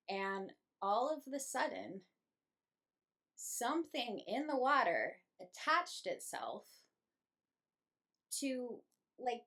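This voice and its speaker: A young adult woman, a medium, telling an emotional personal story to her viewers in a slow, heartfelt way. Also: on the high side. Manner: slow, emotional, breathy with feeling, laughs between phrases. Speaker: medium and channel host.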